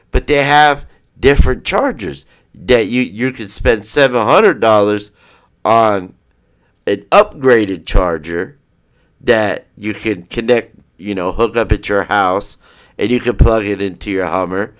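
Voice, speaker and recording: A man hosting a live stream, ranting heatedly and profanely in a rambling way. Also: medium pitch. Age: adult parent. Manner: rambling with restarts. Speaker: livestream host.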